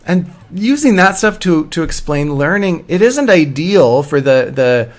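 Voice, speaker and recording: A man's voice: a little high, very animated, unhurried. A man lecturing to a university course, explaining step by step, often repeating phrases and checking in with "right?". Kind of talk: recorded lecture.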